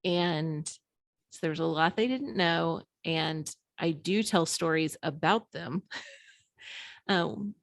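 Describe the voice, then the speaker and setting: A woman's voice: low-pitched, takes it slowly, gravelly, no room sound, clean studio sound. A woman in her thirties, speaking as an author and podcast guest, who talks frankly and with self-deprecating humor, often laughing between phrases. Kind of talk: candid conversational interview.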